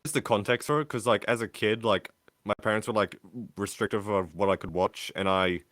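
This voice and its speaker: A man's voice: on the low side, fairly even intonation, a little fast, fairly bright tone, no echo, studio quality. A man, a podcast co-host telling a story in casual chat, rambling and full of filler words. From Australia.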